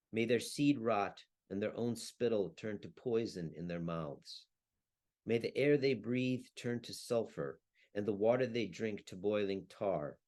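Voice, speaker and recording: A man's voice: on the low side, a little mellow, close to an everyday voice. A man reading the lines of an elderly grieving Jewish saddle maker who laments and curses bitterly. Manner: lamenting, rising to furious curses.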